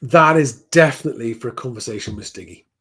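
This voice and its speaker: A man's voice: medium pitch, quick pace, fairly bright tone, husky. A man hosting a casual live stream at home, rambling and chatty as he answers viewer comments, often restarting his sentences. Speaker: livestream host reading viewer comments.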